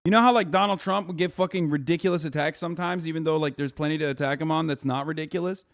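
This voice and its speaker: A man's voice: on the high side, fast. A man hosting a live stream, reacting to news in a profane, ranting, incredulous way. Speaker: political streamer host. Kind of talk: casual live-stream commentary.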